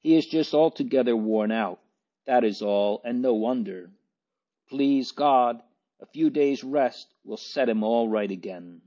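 A man voicing an excitable, warm-hearted landlady, emphatic and near tears, on a dull lo-fi recording. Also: mid-range voice, measured pace, lightly acted. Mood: fervent.

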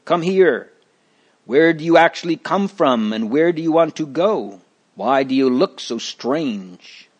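A man voicing rough, suspicious men who question strangers in a storybook, raising his voice as he demands answers. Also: medium pitch, big pitch swings, moderate pace, few pauses. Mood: demanding. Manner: demanding, interrogating.

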